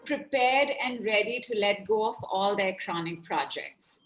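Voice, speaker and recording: A woman's voice: medium pitch, over loud music. A woman facilitator guiding a group exercise over a video call, stretching out her instructions with emphasis. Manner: slow, drawn-out instructions, emphatic. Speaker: workshop facilitator.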